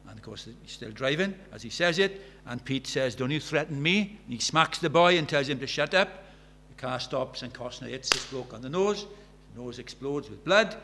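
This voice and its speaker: A man in his sixties preaches with a bright, forceful, medium-pitched voice, animated and at normal speed with few pauses. Earnest, with storytelling asides, he rises to fervent emphasis amid a little hiss or hum.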